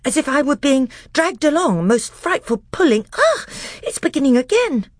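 A woman's voice: on the low side, big pitch swings, brisk, husky, no room sound, studio quality, pitched above the performer's own voice. A woman reading aloud, voicing an urgent, breathless schoolboy in a storybook. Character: anxious schoolboy, quick and bossy.

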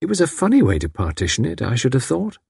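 In a full character voice pitched above his own, a man reads aloud as a friendly housewife from a lonely country house, a little odd and chatty, given to rambling homely talk. His mid-range voice swoops wildly in pitch and moves fast, gravelly yet a little mellow and slightly rough. There is no room sound.

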